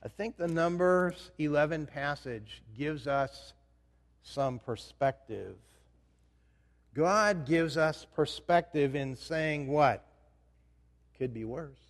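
A man's voice: on the high side, takes it slowly. A male pastor preaching a sermon in a conversational way, often putting questions to the congregation. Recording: reverberant hall.

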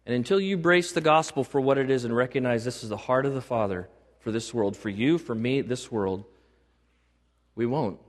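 A pastor with a mid-range voice preaches a sermon at normal speed in a church sanctuary, where the large hall adds long reverb. He is emphatic, repeats key phrases, and poses questions to the congregation.

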